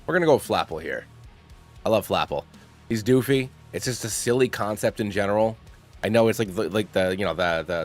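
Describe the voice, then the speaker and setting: A young man hosting a channel, talking through his picks in a rambling, playful way, with lots of fillers. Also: fairly low pitch. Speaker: channel host. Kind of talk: casual gaming commentary.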